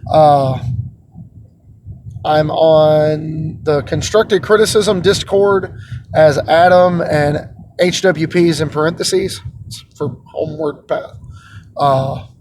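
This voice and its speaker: High-voiced man chatting in a car. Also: slow pace, a little hiss or hum. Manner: relaxed, rambling, self-deprecating. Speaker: host. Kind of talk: casual vlog chat. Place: inside a car.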